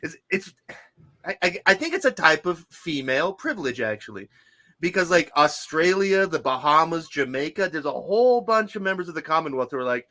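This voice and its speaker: A man's voice: fairly high pitch, big pitch swings, fairly quick, bright, forceful tone. A man co-hosting a podcast, telling stories in a rambling way with lots of restarts. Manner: rambling storyteller, many likes and restarts. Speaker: podcast co-host. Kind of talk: casual chat.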